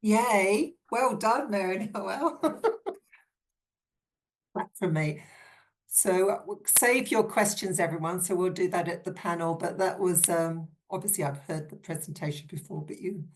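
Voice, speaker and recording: A woman's voice: on the low side, moderate pace. A woman chairing a virtual symposium session over a video call, upbeat and encouraging as she thanks the speaker and introduces the next one.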